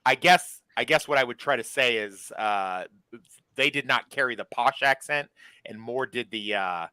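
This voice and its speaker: A man from Florida talking in an energetic, fast way full of fillers as a podcast co-host. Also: medium pitch, smooth, no room sound, rough recording. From Florida, United States. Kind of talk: casual chat.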